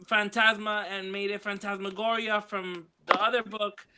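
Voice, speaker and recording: A woman's voice: medium pitch, flat delivery, normal speed, background noise. A woman chatting casually on a livestream, rambling with many fillers and restarts. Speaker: panel guest.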